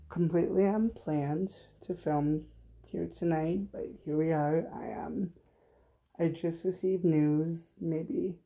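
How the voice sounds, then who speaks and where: A man hosting a podcast alone, speaking slowly and haltingly with lots of pauses and fillers. His voice has a gravelly edge and sounds close to tears. The recording is a bit dull and lo-fi. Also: on the high side. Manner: halting, many fillers, emotional and apologetic. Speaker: podcast host. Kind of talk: unplanned solo podcast talk.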